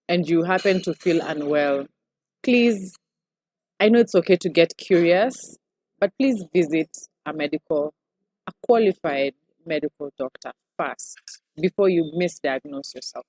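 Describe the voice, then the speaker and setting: A woman's voice: sits low, darkish tone. A young woman doctor with a Kenyan accent, chatting animatedly in an interview and slipping Swahili phrases into her English. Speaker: newly qualified doctor, guest. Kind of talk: casual interview chat.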